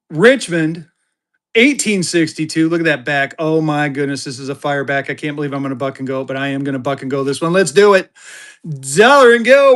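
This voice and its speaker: A man selling collectible banknotes on a live auction stream, talking to his viewers in an excited, chatty way. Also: a little high. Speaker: livestream seller.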